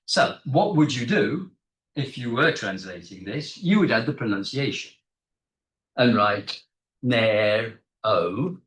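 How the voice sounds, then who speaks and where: A man's voice: medium pitch, expressive, slow pace, a bit bright. A man giving an academic seminar talk as a guest lecturer, explaining in a conversational way with frequent hesitations, recorded in a seminar room. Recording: echoey room.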